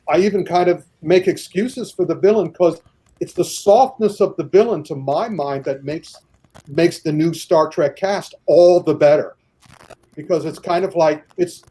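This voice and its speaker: A man's voice: on the high side, mellow, husky. A man in a casual debate chat, talking passionately and rambling with many restarts.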